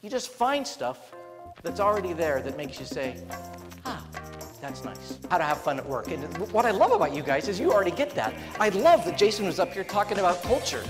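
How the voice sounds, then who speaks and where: High-voiced, playful male keynote speaker. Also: fast. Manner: animated and playful, acting out funny voices. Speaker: motivational speaker. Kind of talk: comedic keynote speech. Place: large event hall on stage. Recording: echoey hall with music underneath. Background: music.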